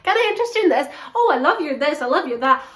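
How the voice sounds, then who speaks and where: A woman's voice: big pitch swings, fairly bright tone. A woman voicing a fussy, sweet old lady who eagerly offers tea and cake. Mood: gushing. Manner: gushing, high and quick. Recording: roomy echo.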